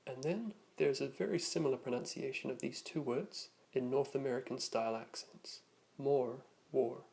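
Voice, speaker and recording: A man teaching a lesson, narrating from a script and slowly demonstrating vowel sounds. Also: mid-range voice, lively intonation, gravelly, a little mellow.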